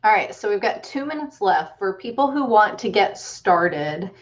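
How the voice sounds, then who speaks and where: A woman's voice: mid-range voice, animated, normal speed, highs cut off. A woman hosting a casual livestream chat, upbeat and chatty, thinking aloud with fillers. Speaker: host.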